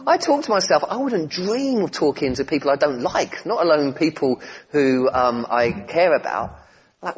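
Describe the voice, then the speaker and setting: Husky male preacher, conversational sermon. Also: medium pitch, highs cut off. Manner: conversational, with gentle humour and asides.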